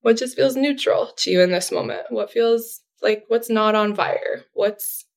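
A woman's voice: fairly high pitch, unhurried, creaky. A woman speaking as a therapist guest in a casual interview, explaining things in a chatty way with frequent fillers and light laughs.

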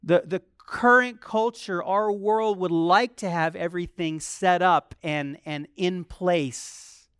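A preacher delivering a sermon in a lively way, firing rhetorical questions at the congregation. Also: mid-range voice, slow pace, few pauses, smooth, no room sound, studio quality. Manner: acts out quoted complaints in a softer voice.

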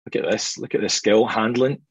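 Scottish male host, fast-talking and jokey, slightly husky voice, dull dry recording. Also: lowish voice, steady tone, no echo. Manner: chatty, jokey, quick and self-deprecating. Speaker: host of a whisky tasting show. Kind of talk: casual tasting chat.

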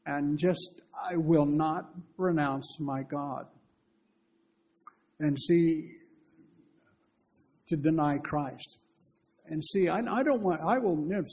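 Husky-voiced man preaching a sermon. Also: on the high side, normal speed. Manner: lively storytelling, earnest. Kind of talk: conversational sermon.

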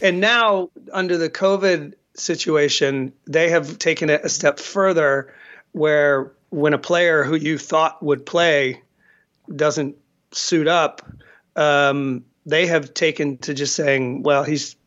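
A man's voice: fairly high pitch, fairly even intonation, slow, a bit bright, muffled recording. A man co-hosting a podcast in casual chat, rambling, swearing and laughing often. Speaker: podcast co-host.

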